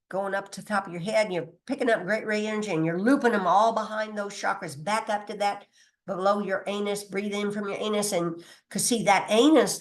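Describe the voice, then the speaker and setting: A woman leads an informal spiritual teaching in a loose, conversational way. She is emphatic, laughs often, drops the odd mild curse, and pauses to check her notes at a middling pitch. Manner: loses her place and restarts, reads from notes.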